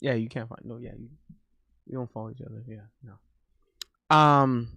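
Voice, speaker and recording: A man's voice: mid-range voice, steady tone, unhurried, vocal fry, pushed and bright, no room sound. A young man telling a rambling, casual story as a streamer, with lots of restarts and laughter.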